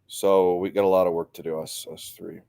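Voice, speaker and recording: A man's voice: low voice, level tone, a little fast, vocal fry, dark tone. A man hosting a casual sports betting stream, blunt and stumbling, swearing freely. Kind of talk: casual chat.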